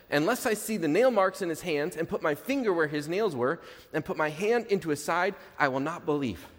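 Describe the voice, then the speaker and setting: Pastor guy preaching, kinda high voice, jokey and emphatic, big echoey church. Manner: conversational, jokey, emphatic repetition. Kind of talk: sermon.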